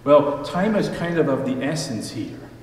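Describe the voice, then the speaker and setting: A man's voice: big pitch swings, measured pace, slight background noise. A man voicing a desperate stranded hiker calling for help, in a pleading, raised voice, heard from far off in an echoey church. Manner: desperate, pleading, higher and louder. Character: panicky man dangling from a cliff branch.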